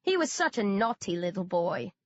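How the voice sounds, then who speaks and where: A woman's voice: mid-range voice, very animated, normal speed, dry recording, close to an everyday voice. Woman reader voicing a purring cruel villainess, dry dull sound. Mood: gleeful. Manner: trilling, purring. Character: gleeful cruel woman with a gun.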